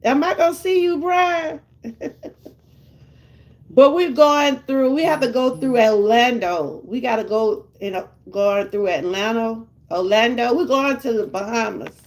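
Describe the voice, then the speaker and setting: Speaking at a measured pace in a fairly high voice, an older Southern US woman keeps up easygoing live-stream chatter with her viewers. She laughs a lot as she talks.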